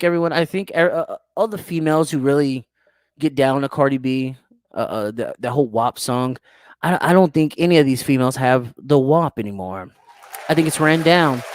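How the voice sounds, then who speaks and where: A young American man with a slightly high voice hosts a crude, teasing podcast, reading live chat casually and laughing often. There's no echo on the recording.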